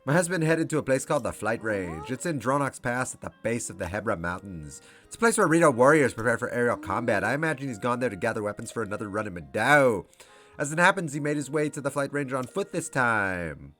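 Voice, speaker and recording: A man's voice: medium pitch, sing-song, fast, a bit bright, soft background music. A man voicing a helpful young bird-folk wife in a Valley Girl voice. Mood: chatty.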